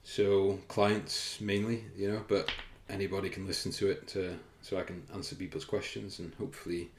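A man's voice: low-pitched, level tone, normal speed, noisy background. A man, a fitness coach, hosting his own podcast as a casual, rambling, self-conscious monologue full of fillers and the odd swear word, filming himself indoors. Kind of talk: casual solo podcast chat. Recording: roomy echo.

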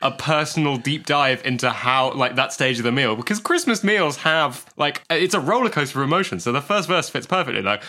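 A man in casual, comedic podcast chat, laughing easily and breaking into sung lines. His voice sits a touch high and rings bright and forward. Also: lively intonation, brisk, hardly any pauses. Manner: playful, laughs often, half-sings lyrics. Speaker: podcast co-host.

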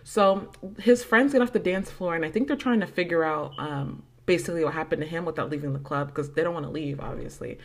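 In a brisk, low-pitched voice, this young adult woman recounts a personal story on her podcast. The telling is loose and conversational, packed with fillers and free swearing.

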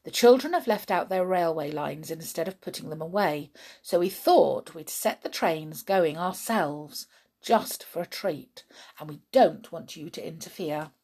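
Woman voicing a big bossy teddy bear, firm scolding tone, storybook voice, lively pitch, slow. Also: slightly rough, heavily acted. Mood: stern.

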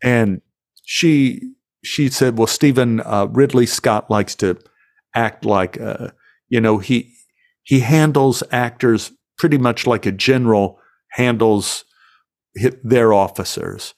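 A man's voice: mid-range voice, slow pace. American guy, middle-aged, yarning on a podcast, jumps into silly voices for quotes. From United States. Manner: animated storyteller acting out voices in quotes. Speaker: actor guest. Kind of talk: storytelling interview.

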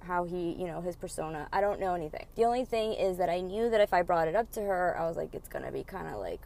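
A young woman hosting a podcast, telling a story in a casual, excitable way, full of fillers and swearing. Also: on the low side, quick pace, vocal fry. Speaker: podcast host.

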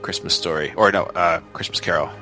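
A man's voice: sits low, brisk, music in the background. A man hosting a casual chat, leading with questions and rambling through lists.

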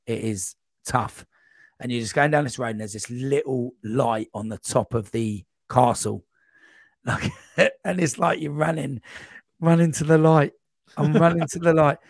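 A man speaks at an ordinary middle pitch, recounting a race story in loose, rambling fashion and slipping into quoted voices as he goes. The recording is close and dry, with no room sound. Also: no echo. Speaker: podcast guest. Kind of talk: casual storytelling.

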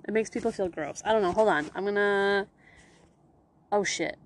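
A woman's voice: medium pitch, moderate pace, a little hiss or hum. A young woman chatting casually as a podcast co-host, frank and fond of swearing, with "like" in every other phrase. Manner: frank, swears freely, lots of "like". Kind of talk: casual chat.

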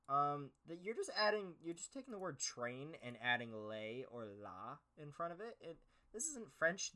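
A man's voice: on the high side, sharp tone. A man hosting a solo podcast, reading aloud and reacting with sarcastic, profane, mock-outraged commentary. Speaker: podcast host.

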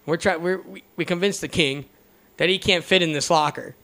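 Young guy with a highish voice telling a rowdy story to friends, swears a lot. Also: moderate pace. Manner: profane, animated, acts out other people's voices. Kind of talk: casual storytelling.

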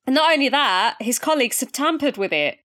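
A woman's voice: sits high, lively intonation, fairly quick, a bit bright, no room sound. Woman narrating a true crime podcast, dry sound. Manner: reads the case steadily, then breaks into chatty, laughing banter.

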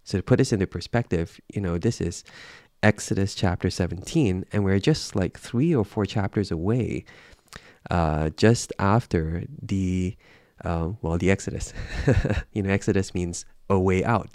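A man's voice: low-pitched, a little mellow, no echo, clean studio sound. A man reading through a Bible passage and reflecting on it aloud in a casual, thoughtful way, with many fillers and restarts. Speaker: Bible reader.

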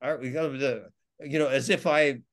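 A steady, mid-range male voice at normal speed belongs to an author being interviewed. He shares survival stories loosely, frequently starting over, in a storytelling interview.

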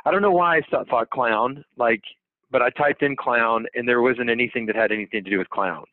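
A man's voice: mid-range voice, brisk. Male podcast co-host, folksy rambler, thin phone-band sound. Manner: rambling, folksy storytelling with drawled asides. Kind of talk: casual podcast chat. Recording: dry, tinny phone-like audio.

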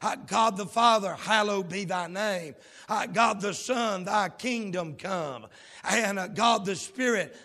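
A man preaching in a church, his voice high and bright, ringing with a long hall echo. He speaks slowly and drawls his key words. Every so often he whoops or shouts for emphasis. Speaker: pastor. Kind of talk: sermon with opening prayer. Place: church sanctuary.

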